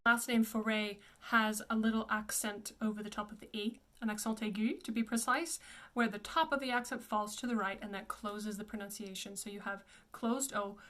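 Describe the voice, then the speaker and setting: A woman voice coach giving a pronunciation lesson. She says each name slowly and repeats it several times. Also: fairly high pitch, steady tone, bright, forceful tone. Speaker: classical voice coach.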